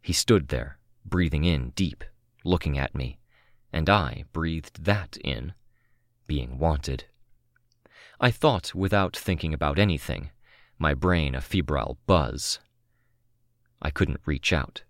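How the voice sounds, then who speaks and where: Deep, slow male audiobook narrator. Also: no room sound, studio quality. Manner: calm, measured, first-person reading. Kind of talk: scripted narration of a novel.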